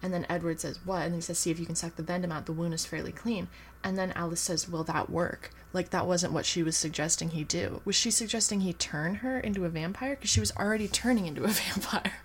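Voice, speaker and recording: Woman co-host, slightly low voice, jokey questioning chat, faint noise behind. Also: fast. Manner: jokey, asks questions, laughs often. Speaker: podcast co-host. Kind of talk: casual book-discussion chat.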